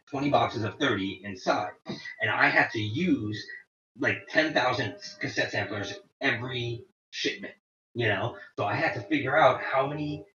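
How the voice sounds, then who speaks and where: A man in his forties casually telling rambling, profane stories about touring, with animated quoting. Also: medium pitch, a little hiss or hum. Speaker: guest telling tour stories. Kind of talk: casual storytelling chat. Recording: roomy, distant, dull lo-fi sound.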